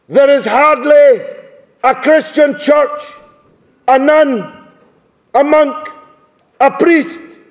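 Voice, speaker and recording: Male orator, high-pitched, slow and deliberate, booming through a reverberant hall. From Scotland. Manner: impassioned, shouting rhetorical questions. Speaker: political speaker. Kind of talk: rousing conference speech. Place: large conference hall.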